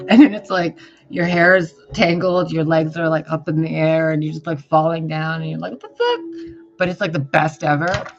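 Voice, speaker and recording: A man's voice: on the high side, little pitch movement, normal speed. A man giving casual spiritual advice as a tarot reader, talking bluntly and swearing freely. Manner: blunt, profane, chatty. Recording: dull lo-fi sound with loud music. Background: music.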